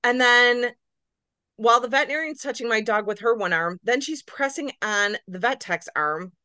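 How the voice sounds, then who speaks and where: A middle-aged woman, a nurse practitioner, telling her story as a podcast guest in a lively, casual way, acting out her own reactions. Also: fairly high pitch, moderate pace, no room sound. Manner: animated, acts out her own reactions in quotes.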